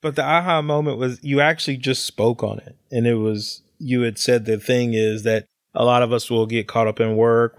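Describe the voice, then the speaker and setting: A man's voice: mid-range voice, fairly even intonation, normal speed, hardly any pauses, dry recording, studio quality. A man talking on a podcast, swearing freely and getting fired up as he preaches about facing who you are. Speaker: podcast guest. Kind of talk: casual podcast chat.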